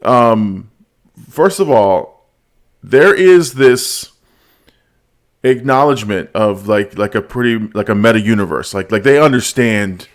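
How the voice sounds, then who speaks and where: Animated man chatting about movies. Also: on the low side, a little slow. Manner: animated, storytelling with quoted lines and laughs. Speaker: podcast host. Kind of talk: casual movie review chat.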